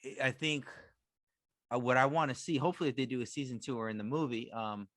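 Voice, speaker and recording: A man talking as a guest on a casual podcast, telling personal stories in a relaxed way. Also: mid-range voice, fast, dry recording, clean studio sound.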